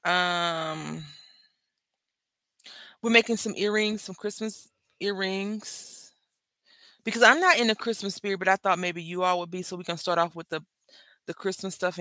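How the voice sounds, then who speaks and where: Her voice fairly low and gravelly, a middle-aged woman tells stories and chats while crafting jewelry on video. She keeps things animated and joking. It's a dry recording.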